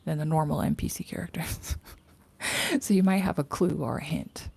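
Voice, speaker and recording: A woman chats casually to her livestream viewers from outdoors. Her voice sits low and gravelly, with a mellow, dark tone. She rambles freely and often slips into breathy whispered asides. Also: moderate pace. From Canada. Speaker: livestream host. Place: outdoors in morning sun.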